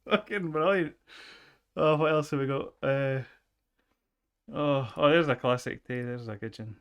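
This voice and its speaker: This Scottish man streams live, his voice smooth, medium-pitched and moderately paced. Sweary and chatty, he spins rambling stories while fiddling with something.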